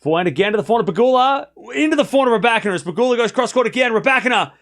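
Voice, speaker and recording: A man hosting a live stream, calling tennis play-by-play in a chatty, excitable way, joking about the crowd and talking to his viewers. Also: very high voice, very fast. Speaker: stream host.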